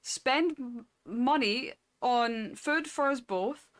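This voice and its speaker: A woman's voice: on the high side, slow. Exasperated young woman in game roleplay. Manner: exasperated, teasing, laughs often. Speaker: streamer roleplaying a character. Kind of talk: in-character game roleplay banter.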